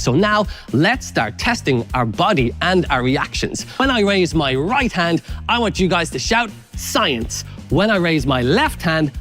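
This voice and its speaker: An Irish man presenting science to children, leading an energetic, playful warm-up with jokes and instructions. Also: high-pitched. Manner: upbeat, playful, joking instructions.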